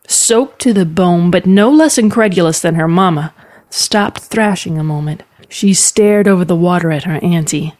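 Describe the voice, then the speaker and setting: A woman narrating a fantasy story in a calm, measured storytelling manner. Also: fairly low pitch.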